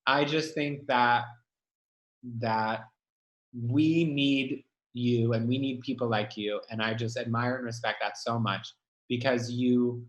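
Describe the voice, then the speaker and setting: A man's voice: medium pitch, steady tone, takes it slowly. Emphatic man in an echoey room. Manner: emphatic, swears freely. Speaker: guest musician. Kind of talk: candid conversation.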